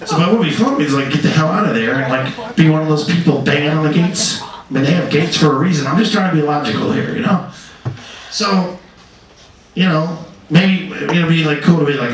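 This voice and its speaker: A young man doing a crude stand-up comedy set in a comedy club, often jumping into shouted voices. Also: a little high, fairly quick. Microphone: handheld stage mic. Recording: echoey club from far off, crowd.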